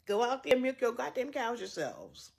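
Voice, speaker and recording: Woman, angry profane rant, high and swooping, sneering delivery. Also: sing-song, normal speed, gravelly. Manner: mocking, profane, shouting at times. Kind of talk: angry social media rant.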